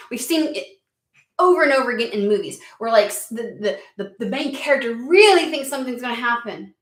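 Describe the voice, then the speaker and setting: A woman's voice: on the high side, a little fast. Chatty woman doing a tarot reading, curses a lot, rambly, sounds like an echoey room. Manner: chatty, rambling, swears freely, lots of "like". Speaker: tarot reader. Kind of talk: casual tarot reading to camera.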